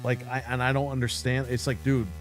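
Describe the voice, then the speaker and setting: A man's voice: medium pitch, monotone, a little fast, soft background music. A man hosting a casual livestream show, ranting bluntly and mockingly with plenty of swearing. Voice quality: profane, blunt. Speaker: podcast host.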